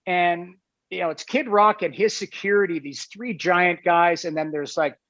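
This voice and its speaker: A man's voice: sits high, steady tone, normal speed, a bit bright, no echo. A man, a guest on a talk show, tells a casual anecdote in a rambling way, full of "like" and "you know". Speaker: guest telling a story. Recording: dull, lo-fi, dry sound.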